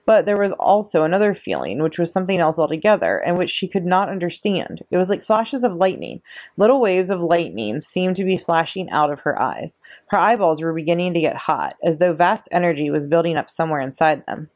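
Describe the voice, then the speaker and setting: A librarian reading a children's chapter book aloud, steady and expressive. Her voice sits low but moves a lot in pitch, keeping the story lively. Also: fairly quick.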